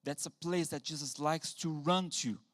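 A man preaching a sermon in a church, animated, acting out quotes with sudden loud bursts. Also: fairly high pitch, moderate pace. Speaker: pastor.

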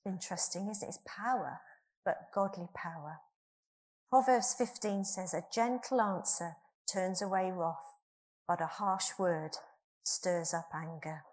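A woman's voice: lowish voice, a little slow. Earnest woman preaching. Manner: earnest, asks the congregation questions. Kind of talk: sermon.

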